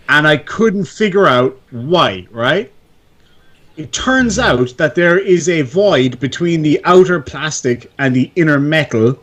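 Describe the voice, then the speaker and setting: A man's voice: fairly high pitch, a bit bright. A man in casual chat on a live stream, talking in a rambling way and often breaking off mid-sentence. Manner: rambling, self-interrupting.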